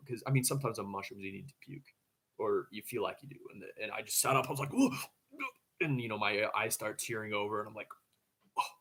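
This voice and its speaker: A man's voice: medium pitch, fairly bright tone. A man casually telling a story to camera, rambling, with frequent stammering restarts.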